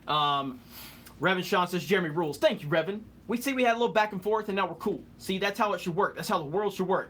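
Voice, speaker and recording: Young male streamer, slightly high voice, rambling and jokey, faint hiss behind. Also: a bit bright. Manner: joking, rambling, fumbles over words. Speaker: live stream host reading chat. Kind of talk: casual live stream chat.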